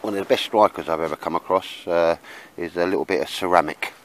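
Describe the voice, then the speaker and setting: A man's voice: deep voice, quick pace, a bit bright, slight background noise, poor audio. A man chatting casually in a rambling way with lots of fillers while he shows his camp gear outdoors in the woods. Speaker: bushcraft vlogger.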